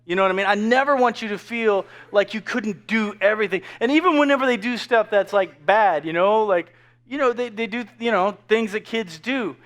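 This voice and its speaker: High-voiced man preaching casually. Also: brisk, a bit bright. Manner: joking, conversational preaching with many asides. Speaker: pastor. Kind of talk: casual sermon. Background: faint crowd.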